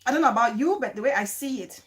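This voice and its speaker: Animated, emphatic woman vlogger. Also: a little high, fast talker. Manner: animated and emphatic, repeats key phrases; soft and coaxing when speaking to her child. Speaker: vlogger and show host. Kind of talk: casual gossip commentary vlog.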